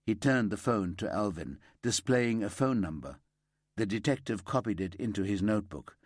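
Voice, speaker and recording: A man narrating a crime thriller audiobook in a steady, lively storytelling manner on a close mic. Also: on the low side, normal speed, no echo.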